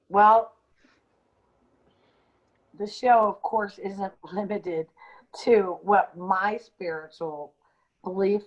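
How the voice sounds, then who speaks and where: A woman co-hosting a podcast, telling a personal story in an unscripted, halting way with frequent ums and restarts. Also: mid-range voice. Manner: hesitant, many ums and restarts. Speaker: podcast co-host. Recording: dull lo-fi audio.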